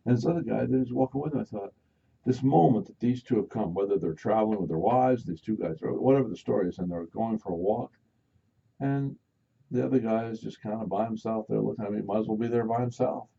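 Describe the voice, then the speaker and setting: A man hosting a live radio talk show, telling stories in a casual, animated way and acting out the voices of the people in them. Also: lowish voice, fast, creaky, husky. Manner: animated storyteller, acts out loud voices. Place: radio studio. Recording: dull lo-fi radio broadcast.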